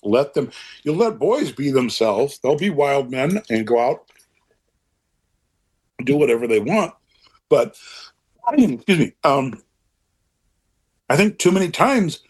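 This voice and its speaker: Husky older man, earnest and rambling. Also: mid-range voice, measured pace, pauses often. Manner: earnest, rambling, animated asides. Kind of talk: interview conversation.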